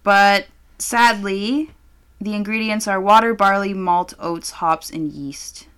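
Brash, bright-voiced young woman. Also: medium pitch, fairly even intonation, slow pace, clean tone. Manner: brash, profane and joking. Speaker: podcast co-host. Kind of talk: casual chat.

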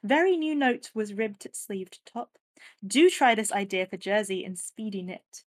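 A woman's voice: medium pitch, animated, unhurried, close to an everyday voice. A woman putting on a posh 1930s society lady. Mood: gushing. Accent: posh English. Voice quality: plummy, affected.

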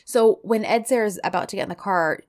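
An animated woman talks through an episode in a relaxed podcast chat, her pitch sitting mid-range. She slips into quick impressions of the characters as she retells scenes, then drops back into easy conversation. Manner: animated, acts out quotes from the show. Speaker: podcast co-host. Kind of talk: casual recap chat.

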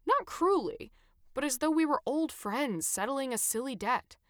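Woman, memoir narrator, expressive storytelling, lively pitch, dry close recording. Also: moderate pace, dry recording. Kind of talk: first-person memoir narration.

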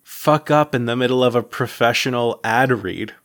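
A man co-hosts a casual podcast with a mid-pitched voice. He tells winding stories, piling up "like" and false starts and breaking into laughter mid-sentence. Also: steady tone, normal speed, a bit bright. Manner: rambling storyteller, full of "like" and restarts, laughing mid-sentence. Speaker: podcast co-host. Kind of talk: casual chat.

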